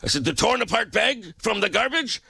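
A man working as a radio DJ, talking casually on air from a studio mic in an animated, exasperated rant. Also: high-pitched, moderate pace, vocal fry, slightly rough, no room sound.

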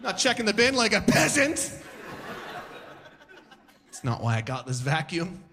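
A man in his forties doing a stand-up comedy set, with a high voice that leaps up and down his range. He talks in an animated way and keeps jumping into loud, shouted voices for his bits. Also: unhurried.

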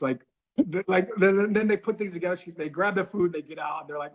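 A man with a husky, slightly raised voice, chatting casually as a sports broadcaster. He tells his story in an animated way, leaning on fillers. It sounds like a relaxed podcast conversation. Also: a little high, fairly quick.

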